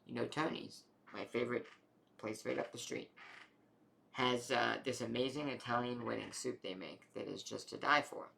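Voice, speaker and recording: A young adult man casually telling a long personal health story, rambling and animated, with many fillers. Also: mid-range voice, normal speed, creaky.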